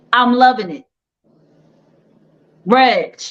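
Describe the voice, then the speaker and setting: Quiz host, female, playful and teasing, higher voice, unhurried, lo-fi audio. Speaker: game show host. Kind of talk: casual quiz hosting.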